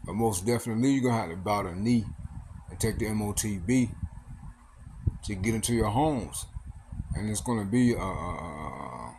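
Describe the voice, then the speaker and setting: A man's voice: on the low side, animated, normal speed, long pauses, a little mellow. Man preaching casually over faint noise. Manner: conversational, repeats "man" and "all right", reads scripture aloud. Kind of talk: casual street-style sermon.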